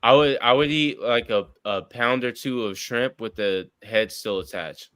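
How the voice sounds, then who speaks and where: A man's voice: mid-range voice, a little slow, a bit bright, clear, resonant tone, no echo. A man in his thirties in casual stream chat, blunt and crude, who keeps cutting into the others' talk. His voice sits mid-range and sounds dry and close, with no room around it. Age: 30s.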